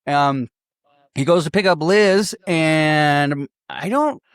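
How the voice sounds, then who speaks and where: A man's voice: a little high, slow, clean tone, no room sound, studio quality. Laughing man recapping a movie. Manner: laughing, profane, retells scenes quoting characters. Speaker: podcast co-host. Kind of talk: casual movie recap chat.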